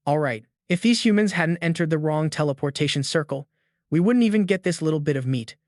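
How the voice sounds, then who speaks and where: A man's voice: fairly high pitch, brisk, no room sound, studio quality, lightly acted. A man voicing a greedy, irritable male elephant monster in a storybook recap, reading its lines in a complaining tone. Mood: grumbling.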